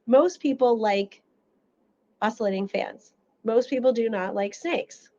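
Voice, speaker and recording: A woman audiologist teaches a seminar in a lively storytelling manner, acting out little quotes along the way. Her voice sits fairly high. The recording sounds dull and lo-fi. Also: a little slow. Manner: animated storytelling with acted-out quotes. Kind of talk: educational seminar talk.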